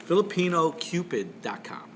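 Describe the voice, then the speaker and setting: A man chatting casually on a podcast, full of jokes and teasing asides. His voice sits at a middle pitch. The recording carries a clear layer of noise. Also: very animated, normal speed, fairly bright tone. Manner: joking, teasing, laughs often. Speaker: podcast co-host. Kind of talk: casual chat.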